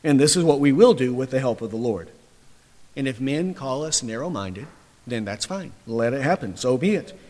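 A man preaching a sermon with forceful, emphatic delivery, building to loud declarations and dropping low again. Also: lively intonation, moderate pace, big-room sound.

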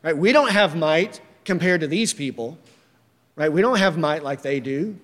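A man's voice: fairly high pitch, lively intonation, normal speed, a bit bright, big-room sound. A man preaching a sermon emphatically, reading verses and firing rhetorical questions.

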